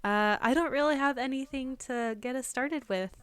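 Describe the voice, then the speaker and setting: A woman's voice: high voice, moderate pace, clear, resonant tone, dry recording. A woman co-hosting a history podcast in casual chat, upbeat and teasing, laughing often. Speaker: podcast co-host.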